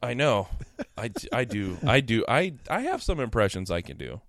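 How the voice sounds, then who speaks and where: A man's voice: medium pitch, very animated, moderate pace, a bit bright, dry recording, clean studio sound. A man co-hosting a podcast in casual chat, a bit tipsy, joking and self-deprecating as he tells stories. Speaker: podcast co-host.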